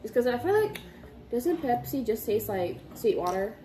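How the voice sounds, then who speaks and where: A woman's voice: on the high side, lively intonation, moderate pace, warm tone, a little hiss or hum. Teasing young woman in an echoey room. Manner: teasing, laughs a lot, counts down. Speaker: co-host running the challenge. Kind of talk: casual chat. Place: house, indoors. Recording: roomy echo.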